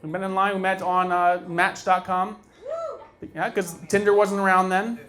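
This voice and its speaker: A man in his thirties doing a stand-up comedy set, deadpan with sudden loud bursts. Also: sits high, normal speed.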